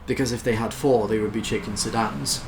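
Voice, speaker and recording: Gravelly British man reading jokes. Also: lowish voice, fairly even intonation, fairly quick, roomy sound, noisy background. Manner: amused, self-mocking, chuckles between jokes. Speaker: YouTuber.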